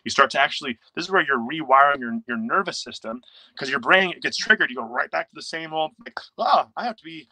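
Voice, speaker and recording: A young man talking as a coach in a casual interview, animated, often acting out quoted inner voices. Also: mid-range voice, quick pace, dry recording, low-quality recording.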